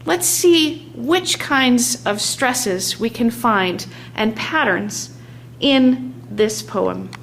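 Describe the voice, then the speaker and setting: A woman with a fairly high voice explains poetic meter in a slow, measured lesson, sounding out the strong and weak beats one by one. A faint hiss of background noise sits under her voice. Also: lively intonation, creaky. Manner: slow and deliberate, tapping out stresses aloud. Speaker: teacher.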